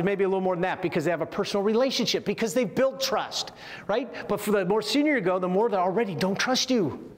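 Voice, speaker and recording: High-voiced man lecturing in a reverberant hall. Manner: lively, asks the audience frequent rhetorical questions. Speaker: communication course instructor. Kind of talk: leadership training talk to military officers. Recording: echoey hall with long reverb.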